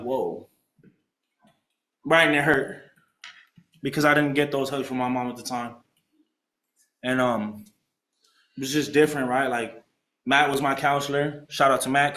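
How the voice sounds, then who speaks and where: A young man tells his recovery story to a group in casual, slangy talk, acting out the voices of people he quotes. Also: mid-range voice. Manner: animated, acts out quoted voices, streetwise slang. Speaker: alumni speaker sharing recovery story. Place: meeting room. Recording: echoey room.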